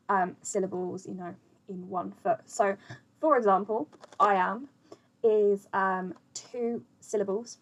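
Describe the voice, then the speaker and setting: Brief: young woman teaching, chatty and loose, fillers throughout, middle pitch. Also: low-quality recording. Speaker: poetry teacher. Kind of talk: casual explainer lesson.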